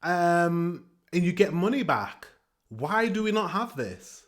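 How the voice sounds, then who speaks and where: British man ranting on a reaction video. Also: high voice. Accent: British English. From England. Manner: animated, ranting, pauses to comment. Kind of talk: casual reaction commentary.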